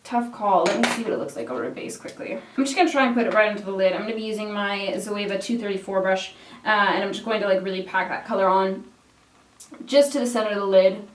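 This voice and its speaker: Doing her makeup on camera, a young Canadian woman in her twenties talks fast in a mid-range voice, peppering her beauty vlog with fillers and casual swearing. She's recorded from a distance with the mic set back, so it sounds roomy, with slight background noise.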